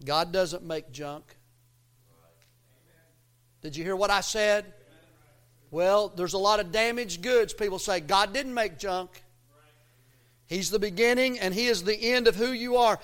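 A man preaching a sermon, swelling into loud emphatic lines and dropping low again, with a folksy, self-interrupting delivery. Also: a little slow, long pauses. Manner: preaching with rising, emphatic swells and quiet drops. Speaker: pastor.

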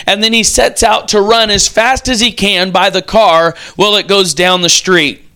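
A male preacher with a high, bright voice gives a sermon. He tells vivid stories and acts out the quotes as he goes.

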